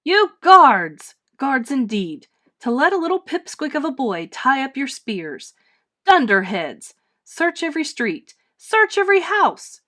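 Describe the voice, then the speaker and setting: Bossy old storybook lord, furious and bellowing, as a woman puts him on, voice pushed high. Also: very animated, normal speed, hardly any pauses. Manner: bellowing, scolding. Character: blustering old male lord, angry and bossy.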